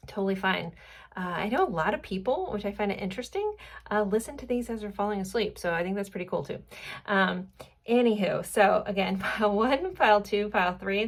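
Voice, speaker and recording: A woman giving a casual, chatty tarot card reading to her viewers, rambling with many fillers. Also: mid-range voice. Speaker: tarot reader.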